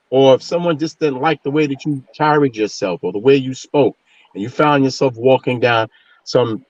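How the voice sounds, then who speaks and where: A man's voice: mid-range voice, darkish tone, no echo. A man speaking as a guest on a panel discussion, indignant and repeating himself. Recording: dull lo-fi dry sound.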